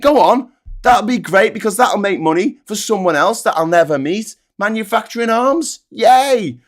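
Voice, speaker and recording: British guy doing a sing-song mocking parent voice, high and gleeful, sarcastic as anything. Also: animated, normal speed.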